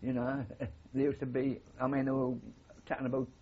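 With a completely flat delivery, a breathy edge, and a slightly quick pace, an older Geordie-accented man of medium pitch shares rambling war stories stuffed with fillers. It's an oral history interview, and the sound is muffled.

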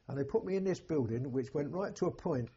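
An older English man, a war veteran, telling an oral history in a halting, plain-spoken way with a husky voice. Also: fairly high pitch, animated, warm tone, dull audio. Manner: halting, plain-spoken storytelling with many restarts. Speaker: war veteran recounting memories.

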